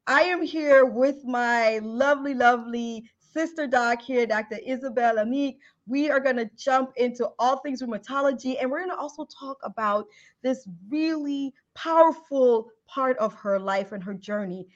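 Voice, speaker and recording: Effusive high-voiced woman podcast host. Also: moderate pace, dull audio. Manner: effusive, animated, repeats praise words. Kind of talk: enthusiastic podcast interview.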